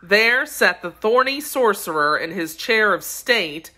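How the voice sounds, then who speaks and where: Woman reading a storybook aloud, low voice. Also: lively intonation, moderate pace, few pauses, pushed and bright. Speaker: audiobook narrator.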